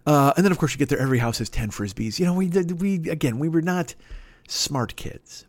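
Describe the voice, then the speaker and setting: A man's voice: fairly high pitch, expressive, fairly quick. A man in his fifties from the Chicago area, hosting a solo comedy podcast and ranting in a rambling, profane, self-mocking way. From Chicago area, USA. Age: 50s. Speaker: podcast host.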